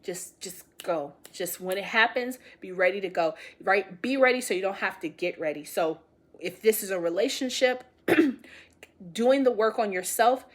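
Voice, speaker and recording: A woman's voice: mid-range voice, lively intonation, moderate pace. A woman giving an intuitive tarot reading to her viewers. She speaks in a casual, emphatic way, repeating key phrases and addressing the audience directly with affectionate encouragement. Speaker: tarot reader.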